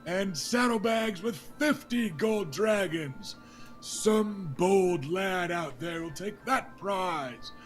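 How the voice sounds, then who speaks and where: A man voicing a boisterous, generous king who bellows slow proclamations to a crowd. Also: high-pitched, faint music behind, pitched above the performer's own voice. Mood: proclaiming. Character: booming jovial bearded king, boisterous and generous.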